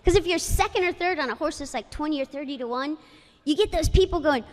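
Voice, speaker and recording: A woman's voice: high-pitched, quick pace. Woman telling her story at an awards thing, chatty, lots of "you know", echoey hall. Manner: chatty storytelling with many fillers and laughs. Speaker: inductee speaker, former jockey. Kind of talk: personal speech at a ceremony. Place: ceremony hall. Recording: long hall reverb.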